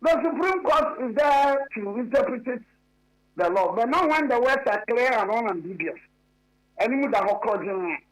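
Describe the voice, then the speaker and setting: A man with a strikingly high voice debates politics on a radio talk show. He is emphatic and insistent, restating the same point again and again until it lands. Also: animated, moderate pace, poor audio. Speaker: political commentator.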